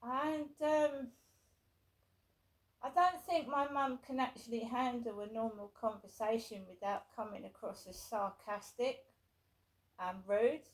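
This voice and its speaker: A woman's voice: fairly high pitch, steady tone, measured pace, low-quality recording. A woman vlogger from England talking casually to the camera in a rambling way, with many fillers and restarts.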